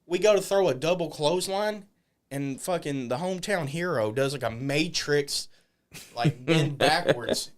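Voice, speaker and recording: Slightly slow and on the high side, this male podcast guest spins wrestling tales in the studio. His animated storytelling is heavy on swearing, and he performs the quoted voices himself.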